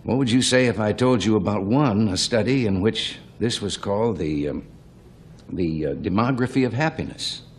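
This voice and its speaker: Wry older man, low voice. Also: moderate pace, slight background noise. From American Midwest. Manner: plainspoken, wry, anecdotal. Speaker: politician guest. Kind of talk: folksy talk-show conversation.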